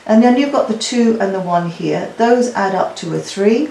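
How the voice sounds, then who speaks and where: Woman tarot reader, warm-hearted chatter to her cards, recorded in an echoey room. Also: medium pitch, lively intonation, normal speed, vocal fry. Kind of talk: weekly tarot card reading.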